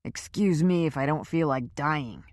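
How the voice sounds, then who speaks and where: A man's voice: a little high, unhurried, no echo, studio quality. A woman voicing a beaten, frightened male captive who gasps and cries out in pain, in an audiobook. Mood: fearful. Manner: crying out in pain, gasping.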